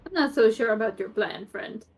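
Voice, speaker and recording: A woman's voice: a little high, normal speed. A woman playing a cleric in a tabletop game, asking blunt, incredulous questions. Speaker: player. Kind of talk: in-character tabletop play.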